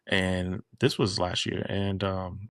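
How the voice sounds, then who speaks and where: A man with a gravelly, creaky voice tells a story on a podcast in casual chat, animated and quick to imitate others. His mic sounds dry and close, with no room echo. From Florida. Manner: animated storytelling, mimics people in a high voice. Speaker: podcast co-host.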